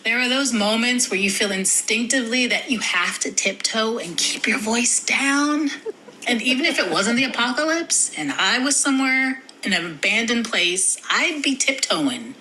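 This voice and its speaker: A woman co-hosting a podcast, chatting casually and with opinions, with quick asides and restarts. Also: fairly high pitch, expressive, bright, forceful tone, a little hiss or hum, low-quality recording. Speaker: podcast co-host. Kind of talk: casual chat about a TV episode.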